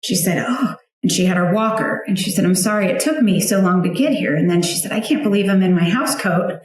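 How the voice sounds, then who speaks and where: A woman's voice: fairly low pitch, animated, brisk. Woman, chatty emotional storyteller, mother, very echoey room. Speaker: guest, founder of a flower outreach for widows. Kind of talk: personal storytelling interview.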